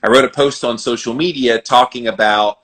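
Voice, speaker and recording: A podcast host with a Southern American accent talks in an animated, earnest way. His voice has a bright, forward ring, and he sits at a middle pitch for a man. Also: normal speed. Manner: animated, earnest, advice-giving. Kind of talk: conversational interview.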